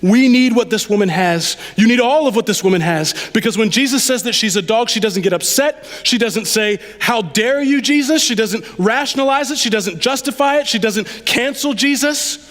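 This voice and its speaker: High-voiced pastor guy preaching to his church, lively, big echoey sanctuary. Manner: animated, preaching directly to the congregation. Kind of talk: sermon.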